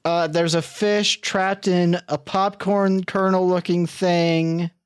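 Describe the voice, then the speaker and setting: A man streaming a game live, reading its text aloud in an unhurried, musing way and turning flustered when something breaks. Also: high voice, flat delivery, clean tone, no room sound, clean studio sound.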